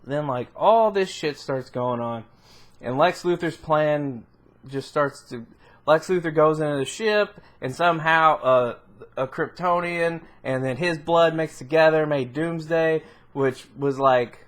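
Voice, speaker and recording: Rambling man with a slightly high voice, casual film-review vlog delivery, lots of fillers and laughs. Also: unhurried, a bit bright. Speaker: movie reviewer.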